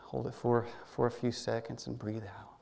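A man serving as minister, leading a guided prayer meditation in a gentle, halting way, often repeating words and dropping to a soft hush. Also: mid-range voice, flat delivery, gravelly, big-room sound. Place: church sanctuary.

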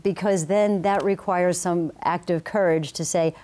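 Low, mellow-voiced female professor. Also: fairly even intonation. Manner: explanatory, measured, confident. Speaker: business professor, guest. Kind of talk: TV interview. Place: TV studio.

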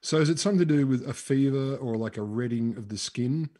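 A man from Australia co-hosting a casual podcast, guessing at old disease names with deadpan jokes and silly asides. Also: mid-range voice, fairly quick. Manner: jokey, deadpan wisecracks. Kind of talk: casual comedic chat.

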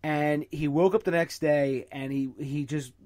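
Stammering podcast host, dry close sound. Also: male voice, on the high side, steady tone, measured pace, a little mellow, no room sound. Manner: stammering, laughs while telling stories. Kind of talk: casual interview chat.

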